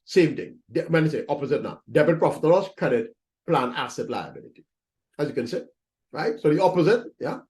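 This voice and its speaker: A slightly high, darkish male voice narrates a screen-recorded accounting walkthrough. The lecturer takes students through entries in steps, repeating key points and checking with "right?".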